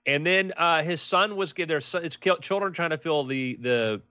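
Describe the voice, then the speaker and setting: A man's voice: a little high, moderate pace, sharp tone. A man co-hosting a podcast, chatting casually, rambling through stories and acting out quotes. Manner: rambling storyteller, acts out quotes. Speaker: podcast co-host. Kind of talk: casual chat. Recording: dull lo-fi sound.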